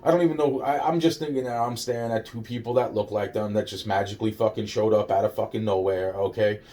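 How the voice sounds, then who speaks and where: Rambling, swearing man with a dark voice. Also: on the low side, steady tone, fast. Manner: rambling, profane, many restarts and quoted dialogue. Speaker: vlogger telling a personal story. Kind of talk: rambling first-person storytelling.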